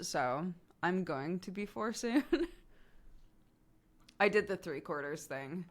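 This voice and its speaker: A woman streamer talks casually to her viewers. Her voice sits slightly low for a woman, but her pitch swings widely as she laughs and acts out what her relatives said. She is close to a streaming mic. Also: slow pace, pauses often. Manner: animated storyteller, laughing often, acts out relatives' lines. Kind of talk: casual chat to a live stream audience.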